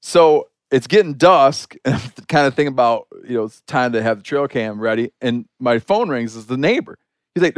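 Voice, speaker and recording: A man hosting a podcast, spinning a story in a lively, chatty way with plenty of "like" fillers. His voice sits at an ordinary middle pitch and is recorded close on a studio mic in a dry, dead room. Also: moderate pace, clean tone, dry recording. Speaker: podcast host. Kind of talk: casual storytelling conversation.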